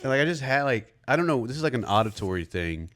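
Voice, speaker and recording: A man's voice: medium pitch, sing-song, fast talker, fairly bright tone. A young man co-hosting a podcast, chatting casually and telling rambling stories with frequent laughter. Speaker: podcast co-host. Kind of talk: casual chat.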